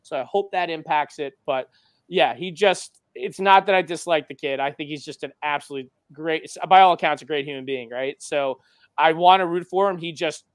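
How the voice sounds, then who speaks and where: A man guesting on a podcast as a coach, voicing strong opinions frankly. His voice sits fairly high for a man, and the sound is dry and close. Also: moderate pace, no room sound. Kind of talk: casual chat.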